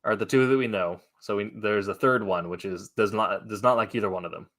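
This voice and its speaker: A man hosting a casual online trivia game, relaxed and laughing often, with many fillers. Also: on the low side, fairly quick. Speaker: trivia host.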